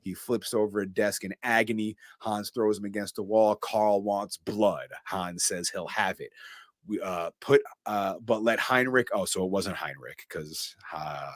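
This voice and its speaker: A man co-hosting a podcast, recapping a movie in casual chat and slipping into quick character voices. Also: on the low side, no echo, clean studio sound. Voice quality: animated storyteller, doing quick character voices. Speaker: podcast co-host recapping a film.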